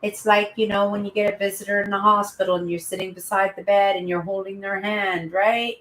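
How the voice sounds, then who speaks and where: A woman in her sixties, host of a casual live-stream chat, who rambles and keeps adding "right?" and calls herself a loud talker. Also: medium pitch, level tone, brisk, a little hiss or hum. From Canada. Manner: self-described loud talker. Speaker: channel host. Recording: roomy echo.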